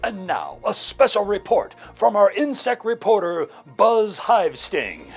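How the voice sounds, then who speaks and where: A man delivering a mock newscast and documentary narration with a deadpan, mock-serious tone. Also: high-pitched, unhurried, gravelly, breathy edge, faint music behind. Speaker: comedy news anchor and narrator.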